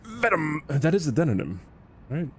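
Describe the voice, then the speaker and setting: Male streamer, rambling and combative banter with chat, warm tone, very expressive pitch. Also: moderate pace, a little hiss or hum. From United States. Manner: animated, argumentative, rambling, swears casually. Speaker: game streamer. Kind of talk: casual live-stream chat with viewers.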